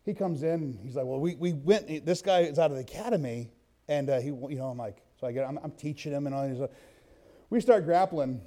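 A man preaching in a church, his voice set a little high for a man but mellow and warm in tone. He mixes loose, rambling personal stories with steady readings of scripture. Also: brisk. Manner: conversational storytelling, reads scripture aloud. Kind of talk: sermon.

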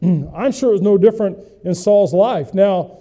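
A man's voice: sits high, moderate pace, warm tone. A middle-aged male pastor preaching a conversational sermon, folksy and full of questions to the congregation, with self-mocking humor.

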